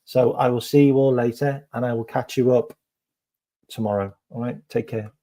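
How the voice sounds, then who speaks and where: A man's voice: mid-range voice, fairly even intonation, normal speed, warm tone. A man hosting a casual live stream, chatting to viewers with lots of ums and repeated phrases.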